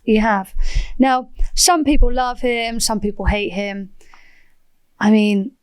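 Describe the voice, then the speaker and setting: A woman, chatting as a podcast guest, animated and quick to laugh. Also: a little high, clean tone, no room sound. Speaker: podcast guest, property entrepreneur. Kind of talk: casual interview chat.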